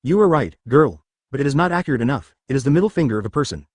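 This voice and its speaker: A man's voice: medium pitch, lively intonation, racing, no room sound, studio quality, natural voice. A man reading the lines of a brash, boastful newcomer who tells crude jokes in a group chat.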